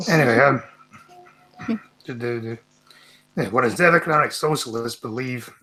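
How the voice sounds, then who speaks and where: A man's voice: medium pitch, normal speed, pushed and bright, poor audio. A Scottish man hosting a casual stream, reading news out and mocking it with blunt, sarcastic swearing.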